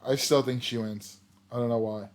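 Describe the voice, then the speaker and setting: A man's voice: medium pitch, steady tone, moderate pace. Man, casual co-host; stammers into his points, then commits to them. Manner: hesitant starts, firm predictions. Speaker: podcast co-host. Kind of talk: casual wrestling chat. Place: around a table with co-hosts.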